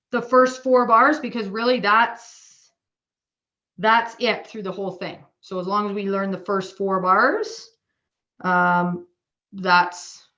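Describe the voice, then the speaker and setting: A woman with a Canadian accent teaching a drumming workshop online, chatty and casual, counting beats out loud. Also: medium pitch, muffled recording.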